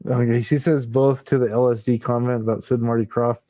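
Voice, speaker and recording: A man's voice: medium pitch, little pitch movement, fairly quick, warm tone, no echo. A man hosting a casual late-night livestream, chuckling often and reading viewer comments aloud. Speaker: livestream host.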